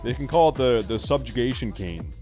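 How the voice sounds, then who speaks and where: A man's voice: mid-range voice, lively intonation, a little fast, faint music behind. Joking young man streaming a game. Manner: loud, joking, swears, rambles. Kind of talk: casual live-stream chat while gaming.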